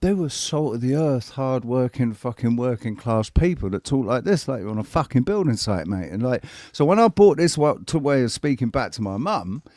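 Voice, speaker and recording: A man chatting casually on a podcast, with lots of swearing and a lively, wide-ranging pitch. His voice sits in the middle pitch range and sounds dry and close. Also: normal speed, hardly any pauses, no room sound. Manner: animated, sweary storytelling. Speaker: podcast co-host. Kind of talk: casual chat.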